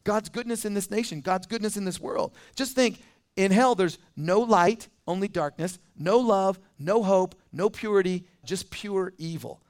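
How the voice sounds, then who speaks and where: A man preaches with a fairly high voice. He talks to the congregation in a relaxed way, often slipping into quoted voices to make his point. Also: measured pace. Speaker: pastor. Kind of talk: sermon.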